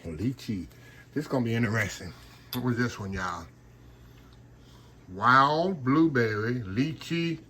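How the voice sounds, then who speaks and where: A man's voice: mid-range voice, a bit bright, a little hiss or hum. A man hosting a casual home cooking vlog, folksy and chatty, calling his viewers y'all. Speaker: cooking vlogger.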